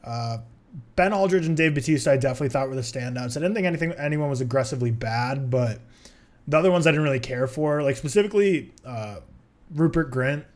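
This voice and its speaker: A man's voice: mid-range voice, lively intonation, fast talker. Rambling man reviewing a film. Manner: rambling, many filler words. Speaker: podcast co-host. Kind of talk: casual film review chat.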